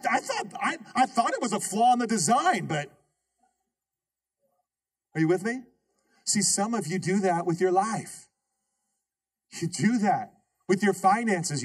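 A man preaching a lively sermon as pastor, calling out questions to his congregation. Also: high voice, moderate pace, long pauses, breathy edge. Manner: call-and-response preaching, rhetorical questions to the congregation. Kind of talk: energetic sermon. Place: church sanctuary.

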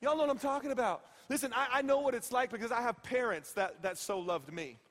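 A middle-aged pastor with a very high voice delivers a sermon in a reverberant church hall. He is playful and emphatic, sinking to near hushes and then climbing into shouts. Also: quick pace. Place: church sanctuary.

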